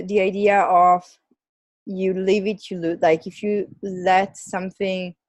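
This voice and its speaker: A woman's voice: medium pitch, darkish tone, dry recording. Woman in rambling casual chat. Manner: rambling, heavy use of "like" fillers. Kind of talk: casual conversation.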